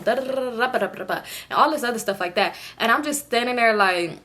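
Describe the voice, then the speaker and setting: A woman vlogger telling a casual storytime, animated and profane, laughing often. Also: mid-range voice, fast.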